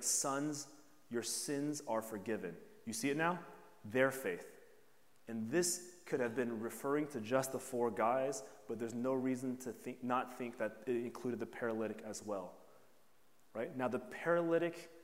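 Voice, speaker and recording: Guy preaching a sermon, chatty, keeps saying "right?", acts out bits of the story, echo trailing off in a big hall. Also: medium pitch. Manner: conversational, often asks "right?", acts out voices in the story.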